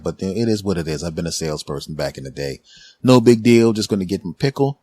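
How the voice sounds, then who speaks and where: A man's voice: low-pitched, expressive, fast, mellow. A man, giving a rambling, joking comedy monologue as a podcast host. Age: 40s. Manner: joking, rambling, self-mocking.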